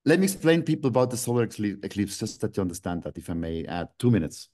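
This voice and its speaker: A man speaks over a video call link. He rants angrily, swears freely and bursts out in sharp, emphatic jabs. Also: on the low side, sing-song, fast talker. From Switzerland. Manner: angry, ranting, swearing, with sudden outbursts. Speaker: guest. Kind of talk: online video call interview.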